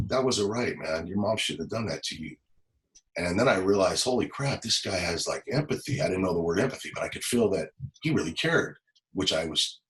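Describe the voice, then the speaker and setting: A man from Los Angeles, a former police officer, telling an emotional personal story in an interview, halting and repeating words as he goes. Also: on the low side, poor audio.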